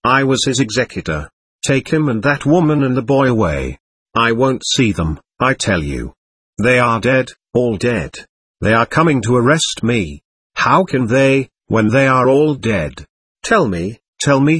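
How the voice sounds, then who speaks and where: A man reading the part of a guilty, panicked man who has just died, with a slightly husky voice. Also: mid-range voice, animated, measured pace, a bit bright, dry recording. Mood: frantic. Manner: frantic, pleading.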